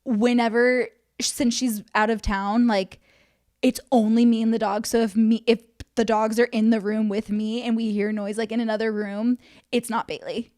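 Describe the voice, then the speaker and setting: A woman's voice: a little high, little pitch movement, moderate pace, a little mellow. A young woman co-hosting a podcast, chatting casually with lots of filler words. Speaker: podcast co-host. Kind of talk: casual chat.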